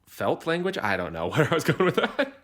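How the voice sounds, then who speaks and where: A man co-hosting a podcast, riffing on absurd jokes in casual, deadpan chat. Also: a little high, fairly quick, a little hiss or hum. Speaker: podcast co-host.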